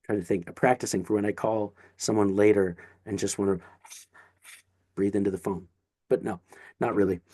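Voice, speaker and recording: A man's voice: on the low side, little pitch movement, normal speed, pauses often, warm tone, no room sound. A man teaching a casual online lesson, talking in a chatty, encouraging way with asides and restarts. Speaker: Greek teacher.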